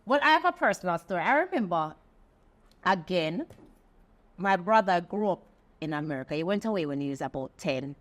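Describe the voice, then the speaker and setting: A woman's voice: on the low side, sing-song, brisk. A woman with a Jamaican accent hosting a casual panel chat, telling stories and asking her guests questions. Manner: storytelling, asks guests questions. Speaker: host.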